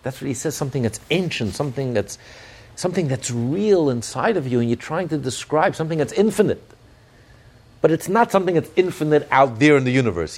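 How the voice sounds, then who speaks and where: A man's voice: fairly high pitch, darkish tone. A man giving an impassioned sermon as a rabbi, often restarting his words as he searches for them.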